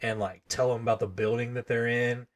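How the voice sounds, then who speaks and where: A man's voice: medium pitch, fairly even intonation, brisk. A man co-hosting a casual podcast, talking easily and laughing often. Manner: laid-back, laughs often. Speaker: podcast co-host. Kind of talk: casual chat.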